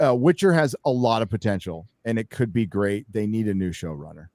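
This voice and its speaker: A man guesting on a casual panel chat, rambling and halting, often swearing. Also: lowish voice, animated, darkish tone, no room sound.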